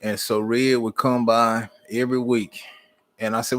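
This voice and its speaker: A man's voice: medium pitch, level tone, a little slow. A middle-aged man, hosting a live stream and chatting casually with viewers in a folksy, storytelling way. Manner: folksy, storytelling, warm Southern American speech with "y'all".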